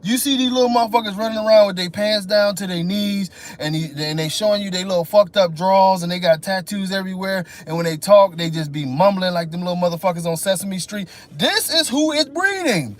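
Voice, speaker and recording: A man's voice: sits high, a little fast, hardly any pauses. A man hosting a live stream, ranting in a profane, mocking way. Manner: profane, mocking, animated rant. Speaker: livestream host.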